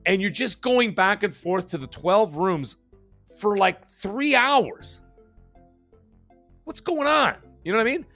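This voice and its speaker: A man hosts a casual live stream, reading out chat messages in a quick, rambling patter full of fillers and false starts. His voice sits a little on the high side for a man. Soft music plays faintly underneath. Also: animated. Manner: fast-talking, rambling, lots of fillers and restarts. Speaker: livestream host reading chat.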